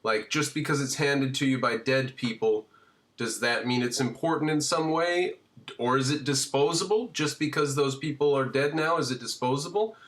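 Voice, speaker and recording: A man hosts a casual discussion, posing questions to his guest in a conversational way. His voice sits at a middling pitch. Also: moderate pace, fairly bright tone. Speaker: host.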